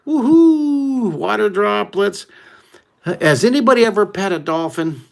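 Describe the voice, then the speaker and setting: A middle-aged American man leading a live online drawing lesson for kids, telling stories with excited whoops. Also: high-pitched, measured pace, vocal fry. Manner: exuberant, exclamatory storyteller who whoops often. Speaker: art teacher hosting a live drawing class.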